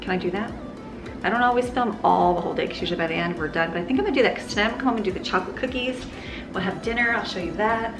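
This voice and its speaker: A woman's voice: mid-range voice, rapid-fire, music in the background. A woman in her thirties, a homeschooling mother, chatting earnestly and rambling in a casual vlog about faith and family, filmed on a handheld phone. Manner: earnest, rambling, laughs often. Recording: loud outdoor background noise.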